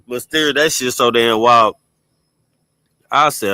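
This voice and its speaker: Man, livestream host, casual rambling commentary, profane, bright forceful voice, dry close sound. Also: mid-range voice, unhurried, no room sound. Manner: rambling and profane, repeats "y'all", greets chat.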